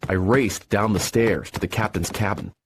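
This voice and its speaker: A man narrating an adventure story in a measured, steady storytelling manner. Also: fairly low pitch. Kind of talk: scripted audiobook narration. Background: soft music.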